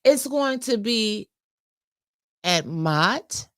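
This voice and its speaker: A woman co-hosting a casual morning talk show with a sassy, animated way of talking back. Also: fairly high pitch, extremely slow, no echo, clean studio sound. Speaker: co-host.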